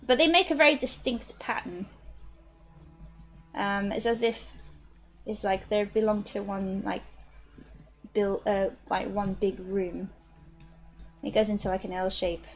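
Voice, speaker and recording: A woman narrating a tabletop game as game master, pausing and restarting her sentences often. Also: mid-range voice. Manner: halting, lots of fillers and restarts.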